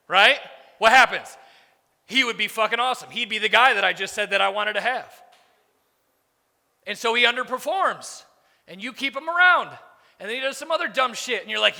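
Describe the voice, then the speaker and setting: A man's voice: sits high, animated, brisk, gravelly, pushed and bright. Blunt, profane man on a conference stage. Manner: blunt, profane, acts out quoted dialogue. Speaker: business speaker on stage. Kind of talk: profane motivational keynote. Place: large conference hall. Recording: reverberant hall, stage mic.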